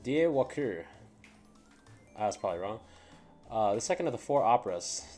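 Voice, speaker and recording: A man's voice: on the low side, expressive, moderate pace, warm tone. A man reading fanfiction aloud on a stream and commenting in a rambling way, often stopping and repeating words. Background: faint background music.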